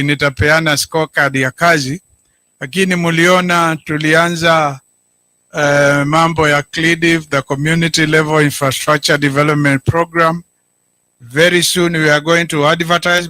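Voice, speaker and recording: Deliberate Kenyan man giving a speech. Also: on the high side, bright, forceful tone, no room sound. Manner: deliberate orator, stresses key words. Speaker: county governor. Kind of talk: public speech, code-switching.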